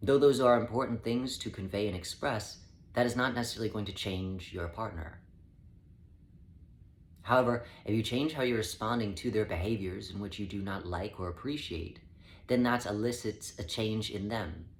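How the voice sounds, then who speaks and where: Low-voiced man giving calm spiritual talk. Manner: measured, calm, speaks as "we" to the listener. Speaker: spiritual channeler speaking as a collective. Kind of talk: spiritual self-help talk. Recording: echoey room with faint ambient noise.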